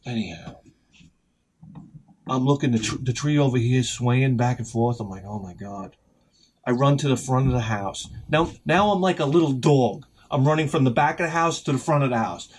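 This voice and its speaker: A middle-aged man telling a rambling, profane story as a video host, sometimes shouting as he acts out his panic. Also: medium pitch, normal speed, a little hiss or hum. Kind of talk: casual storytelling vlog.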